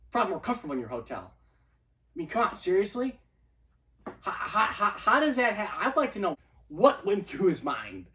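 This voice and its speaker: A man's voice: a little high, a bit bright, far from the mic. A man ranting in casual commentary for his own baseball channel, incredulous and repeating himself as he talks. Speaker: baseball vlogger.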